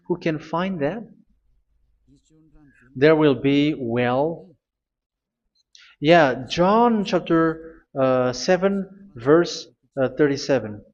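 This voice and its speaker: Male preacher, somewhat high voice, halting delivery that reads scripture out, muffled lo-fi recording. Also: darkish tone. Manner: halting, repeats phrases, reads scripture aloud. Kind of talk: sermon.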